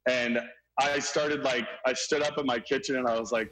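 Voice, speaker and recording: A young man excitedly telling a story in an interview, filled with "like" and acted-out quotes. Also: medium pitch, normal speed, faint music behind, low-quality recording. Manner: animated, filler-heavy, acts out quotes. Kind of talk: excited anecdote.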